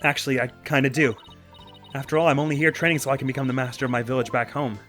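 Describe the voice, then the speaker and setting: A man's voice: mid-range voice, steady tone, very fast, fairly bright tone, soft background music, close to an everyday voice. A man voicing a cheerful, friendly young woman spirit medium in a game let's play, with a peppy, bouncy delivery. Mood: earnest.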